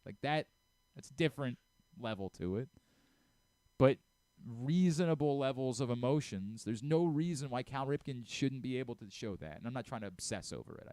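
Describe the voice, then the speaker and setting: A man's voice: mid-range voice, lively intonation, normal speed, mellow, dry recording. Earnest middle-aged man, dry studio sound. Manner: earnest, openly emotional, frequent stammered restarts. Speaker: sports radio host. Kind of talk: sports talk radio monologue.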